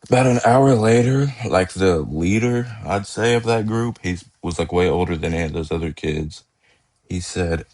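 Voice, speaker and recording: Deep-voiced young man telling stories. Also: steady tone, normal speed. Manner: laid-back, laughs while telling, slangy phrasing. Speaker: podcast host. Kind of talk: casual storytelling.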